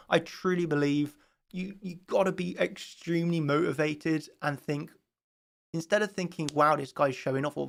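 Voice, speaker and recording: A man's voice: on the high side, creaky. A man giving a rambling chart analysis of a crypto market, full of fillers and restarts. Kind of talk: casual chart analysis monologue.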